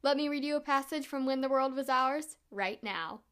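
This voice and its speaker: A woman reviewing a book with a bright, enthusiastic, expressive delivery, hosting her own show. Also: sits high, moderate pace.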